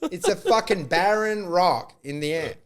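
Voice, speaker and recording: Male comedy podcast co-host, high-pitched, animated and crude. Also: measured pace. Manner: animated, riffing bits with acted-out quotes.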